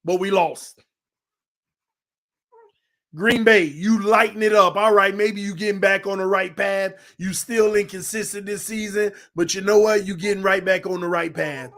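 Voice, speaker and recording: A man hosting a fan sports channel, talking in loose, animated commentary that swings between shouting and laughing. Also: high voice, moderate pace. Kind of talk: casual fan commentary livestream.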